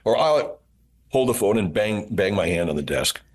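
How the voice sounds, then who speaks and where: A man's voice: fairly low pitch, expressive, normal speed. An older man being interviewed, a radio host telling stories and breaking into character voices with laughter. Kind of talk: casual interview chat.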